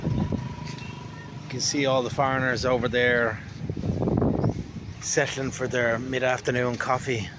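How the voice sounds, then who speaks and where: A man's voice: medium pitch, level tone, takes it slowly, long pauses, very noisy. A man from Ireland with an Irish accent, talking casually to camera outdoors in a wry, rambling way. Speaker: vlogger. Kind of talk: casual spoken monologue.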